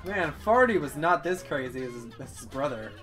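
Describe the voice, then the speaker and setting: A young man giving casual, excitable commentary over his gameplay. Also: mid-range voice, brisk, soft background music. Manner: excitable, swears and yelps at the game. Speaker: let's play gamer.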